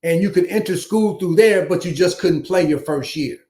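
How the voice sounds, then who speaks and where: A man's voice: sits high, moderate pace. A man in his seventies from Chicago, telling his life story in an interview and acting out each voice in it. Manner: animated storyteller who acts out the dialogue. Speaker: guest, former basketball player.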